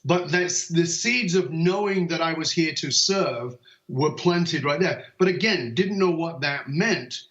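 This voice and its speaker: A man from the United Kingdom with a fairly high voice tells stories as a guest on a podcast. He is lively and restarts often, and acts out the voices of people in his anecdotes. The call audio sounds dull and lo-fi, with a roomy echo. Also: measured pace. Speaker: podcast guest, motivational speaker. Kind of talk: conversational storytelling.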